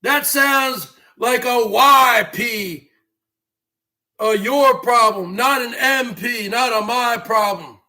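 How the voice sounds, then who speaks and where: A man hosting a livestream, ranting and mocking viewers, often breaking into shouts. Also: very high-pitched, takes it slowly. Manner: mocking, scolding, bursts into shouting. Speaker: livestream show host.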